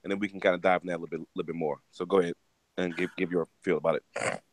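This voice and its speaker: A man co-hosting a casual gaming podcast, with a lowish voice and a halting delivery full of restarts and ums. His voice sits close to the mic in a dry, dead-sounding space. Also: fairly even intonation, dry recording. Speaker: podcast co-host.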